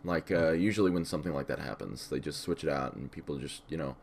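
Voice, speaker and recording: A man co-hosting a casual podcast, scattered and profane, with vocal fry. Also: very deep voice, lively intonation, quick pace. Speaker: podcast co-host.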